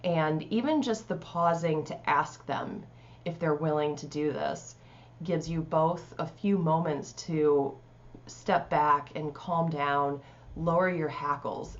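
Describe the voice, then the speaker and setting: Woman life coach, low voice, calm and chatty, slightly muffled home recording. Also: a little slow. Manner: calm, conversational, many fillers like "you know". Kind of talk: casual advice talk to camera.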